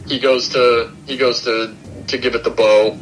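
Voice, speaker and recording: The voice is mid-range and fairly bright, delivered flatly at a normal speed, with a little hiss or hum on a low-quality recording. It belongs to a young man hosting a podcast who retells a film scene by scene in a casual review, voicing the characters' quotes.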